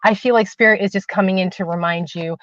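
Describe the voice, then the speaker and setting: A woman hosting a spiritual livestream and reading tarot, talking casually and warmly to viewers, repeating phrases for emphasis. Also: mid-range voice, fairly even intonation, fast talker, no room sound. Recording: dull, lo-fi, dry livestream audio.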